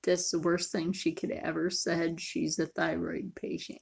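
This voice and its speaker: A woman's voice: lowish voice, little pitch movement, normal speed, creaky, husky. A woman chatting casually in a cooking vlog, joking and often dropping to a near whisper. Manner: chatty, jokey, sometimes drops to a near whisper. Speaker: vlogger.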